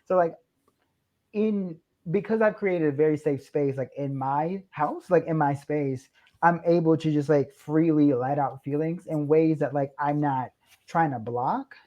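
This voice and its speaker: A young man, a podcast guest, chatting casually and acting out his own quoted lines with lively shifts. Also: on the high side, a little slow, lo-fi sound. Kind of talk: casual chat.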